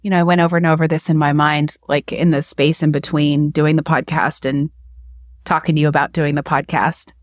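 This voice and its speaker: A woman's voice: low-pitched, level tone, fairly quick, no room sound, studio quality. A woman guest on a podcast, talking candidly about running a clinic, blunt and emphatic, with self-mocking laughs. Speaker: podcast guest, acupuncture practice owner. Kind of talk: candid interview talk.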